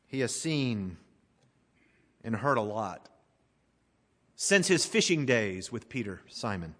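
Forceful preaching man in a reverberant hall. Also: medium pitch, very animated, slow pace. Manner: emphatic, swelling loud then dropping soft. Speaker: pastor. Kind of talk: sermon.

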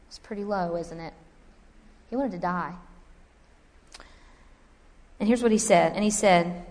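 Woman preaching, animated, acts out the dialogue, mid pitch, echoey hall. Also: a little slow, long pauses. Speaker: speaker at a women's gathering. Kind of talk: sermon with personal storytelling.

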